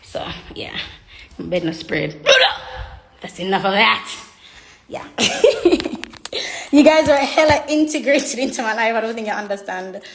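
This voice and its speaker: A young woman with a fairly high, expressive, gravelly voice chats casually on a livestream from a room at home, reading viewer comments aloud. She speaks at a measured pace and pauses often. The room sounds echoey.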